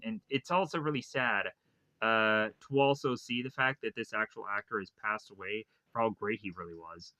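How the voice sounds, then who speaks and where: A man's voice: medium pitch, sharp tone, no echo. Rambling man recapping a film. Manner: rambling, many fillers and restarts. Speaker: film reviewer. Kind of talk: casual spoken movie recap.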